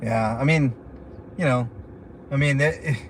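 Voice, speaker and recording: A man talks in a loose, rambling way, full of fillers, as he hosts a livestream from behind the wheel. His voice sits at an ordinary middle pitch. Steady road and car noise hums under him. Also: takes it slowly. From Denver, Colorado. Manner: laid-back, rambling, many fillers. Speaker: livestream host. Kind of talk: casual chat while driving.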